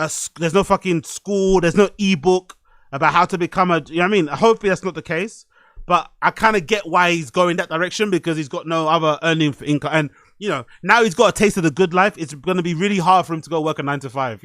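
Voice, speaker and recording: With a fairly high pitch and fairly bright tone, a male podcast host offers rambling, profane, casual commentary, frequently checking "you know what I mean." The sound has no echo.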